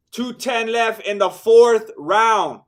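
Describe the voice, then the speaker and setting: Hoarse, high-voiced man commentating. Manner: excitable, joking, sprinkles Spanish slang. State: hoarse, worn-out voice. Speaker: fight watch-along host. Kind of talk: live fight commentary.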